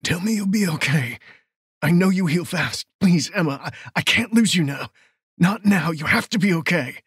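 A man voicing a protective male sheriff who gives sharp, urgent commands. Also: medium pitch, measured pace, husky, no echo, studio quality. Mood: anguished.

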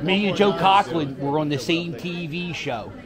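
A man vlogging in casual chat, a loud superfan who cheers and chants. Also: on the high side, normal speed. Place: outdoors on a busy city street. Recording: crowd and traffic noise.

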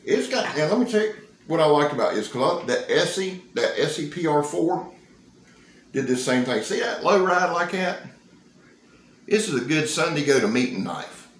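A man, talking through a casual knife-review vlog in an excitable, folksy, joking way. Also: on the high side, moderate pace. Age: 50s. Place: indoor room. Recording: roomy, echoey sound.

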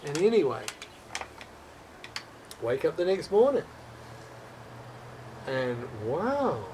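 A man's voice: a little high, very animated, slow, darkish tone, recorded from a distance, a little hiss or hum, low-quality recording. A man telling a personal story as a guest in a conversation. He speaks earnestly and with open emotion, stumbling, restarting and repeating words as he goes.

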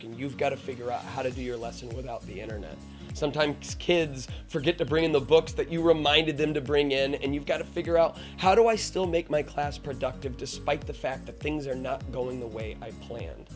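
A man, a teacher, telling a funny story from his classroom in a lively way, dropping low and then getting excited. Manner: lively, swings from hushed to excited. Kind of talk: animated personal storytelling.

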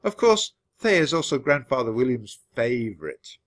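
A man reading a children's book aloud for English learners, with expressive, animated storytelling. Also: mid-range voice, normal speed. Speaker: storybook reader.

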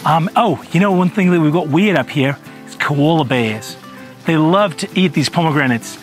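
A man's voice: fairly high pitch, animated, moderate pace, soft background music. A man hosting a casual gardening tutorial in his home orchard, talking earnestly with frequent ums. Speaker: gardening channel host.

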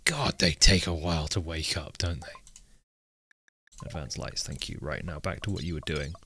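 A man's voice: a bass voice, unhurried, bright, forceful tone, slight background noise. A man giving live commentary while playing a colony game, chatty and joking, talking to his in-game characters as he goes. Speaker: game streamer.

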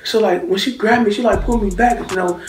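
A man's voice: sits high, quick pace, a little hiss or hum. A young man from Slidell, telling a story casually in slang and acting out the blows with sound effects. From Slidell, Louisiana. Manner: animated, slangy, acts out hits with sound effects. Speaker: vlogger.

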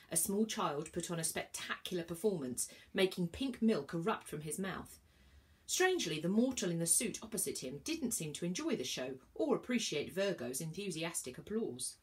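A woman reading a children's novel aloud, telling the story expressively. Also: lowish voice. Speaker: reader. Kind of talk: children's book read-aloud.

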